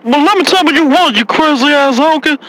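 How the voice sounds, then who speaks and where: A man voicing a loud, easily offended caller in a radio comedy bit, brash and saying "man" often. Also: very high voice, a little fast, low-quality recording. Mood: indignant. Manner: brash, indignant, says "man" a lot. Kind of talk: radio comedy prank call.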